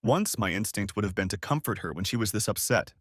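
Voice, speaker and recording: Male story narrator: low voice, lively pitch, dry close sound, calm scripted delivery. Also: fairly quick, dry recording. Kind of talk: scripted first-person narration.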